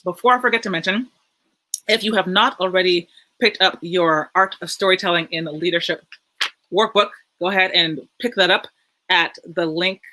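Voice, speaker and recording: Bright-voiced woman hosting a livestream. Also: lowish voice, rough recording. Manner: quick, casual, chatty. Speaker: host. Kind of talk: livestream presenting.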